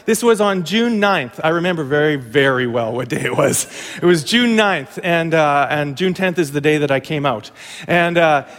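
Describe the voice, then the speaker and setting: A man's voice: sits high, fairly bright tone, big-room sound. A male pastor telling a humorous, self-mocking story during a sermon.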